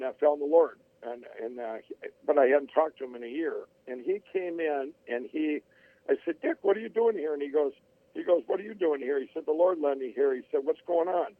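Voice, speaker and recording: This interview guest is a middle-aged man with a slightly high voice who rambles through his life story, restarting many times and acting out others' remarks. The recording is dry, with tinny phone-line audio.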